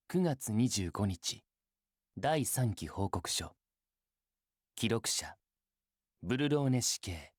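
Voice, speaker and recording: A grave official reads a report on a crime-ridden city. The telling is solemn and measured, with a lively rise and fall in pitch. The sound is dry and close, with no room around it. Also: male voice, no echo. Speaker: game narrator. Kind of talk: scripted dramatic narration.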